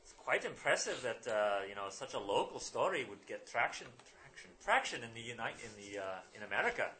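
A man's voice: medium pitch, very animated, a little fast, pushed and bright. Man doing a chummy cigar-chomping newspaperman. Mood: jovial. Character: scruffy red-haired male newspaper publisher, cigar-smoking, chummy.

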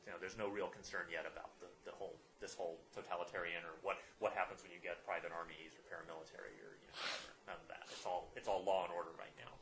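A man's voice: low-pitched, racing, few pauses, a bit bright, slight background noise. A man narrating a tabletop game as game master, rambling with many fillers and restarts.

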